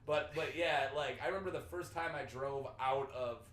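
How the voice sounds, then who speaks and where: A young male podcast host from North Dakota, USA, tells animated stories in casual chat, swearing freely and acting out what people said. He has a medium pitch and moderate pace, recorded in an echoey room with faint ambience.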